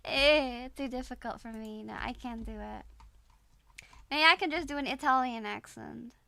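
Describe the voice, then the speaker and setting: Bright high-pitched playful streamer woman. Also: normal speed, gravelly, dry recording. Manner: giggly, playful, tries out tongue twisters. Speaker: livestreamer. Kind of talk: casual livestream chat.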